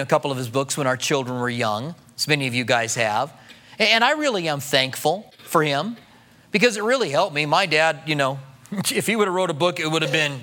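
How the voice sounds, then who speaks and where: High, bright-voiced preacher man. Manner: conversational preaching, acts out quoted voices. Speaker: pastor. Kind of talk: sermon.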